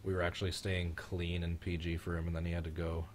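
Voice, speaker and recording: A young man with a very deep voice chats casually over a live race stream, joking around and getting loud at tense moments. A faint hiss sits under the recording. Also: monotone, fast talker. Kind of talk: casual live reaction chat.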